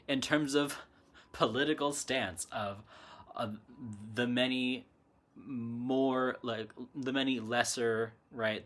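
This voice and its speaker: A man with a lowish, sharp-toned voice hosts a laid-back spiritual chat on his channel, seated at his home desk beside a computer and a lamp. He wanders from point to point, correcting himself and keeping things chatty.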